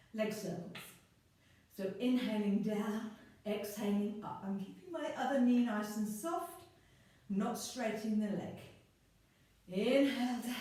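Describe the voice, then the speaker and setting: A woman leading a pilates class, calmly cueing breath, counting reps and encouraging her students. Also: fairly high pitch, recorded from a distance. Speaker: pilates instructor. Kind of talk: guided exercise class instruction. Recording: echoey room, voice a bit off-mic.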